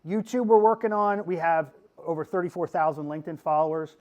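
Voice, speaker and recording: A middle-aged man from Pennsylvania, a podcast host, giving a lively classroom talk in a goofy, animated way and often checking in with "okay?". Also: a little high, fairly quick, highs cut off.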